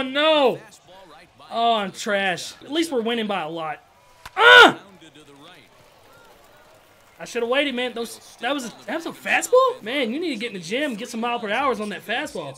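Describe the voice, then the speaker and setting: A young man, commenting excitedly on his own video game at-bats, trash-talking and calling everyone "dog" and "bro". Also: high-pitched. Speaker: gaming channel host.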